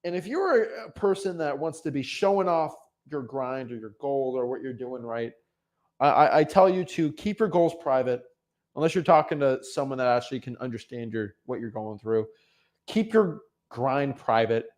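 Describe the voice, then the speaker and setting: A young man giving casual motivational advice as a real estate coach, animated, often repeating and restarting words. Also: medium pitch, normal speed. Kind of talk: casual motivational vlog talk.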